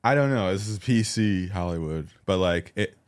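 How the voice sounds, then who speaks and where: A deep-voiced man chats on a podcast, hedging his words and leaning on "like" as he gropes for the right term. The sound is dry and close, with no room around him. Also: expressive, clear, resonant tone, no echo. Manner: hedging, halting, heavy use of "like". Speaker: podcast co-host. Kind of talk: casual podcast chat.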